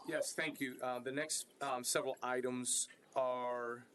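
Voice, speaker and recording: Man, staff presenter, flat monotone, halting, clear background noise. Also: mid-range voice. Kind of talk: formal agenda presentation.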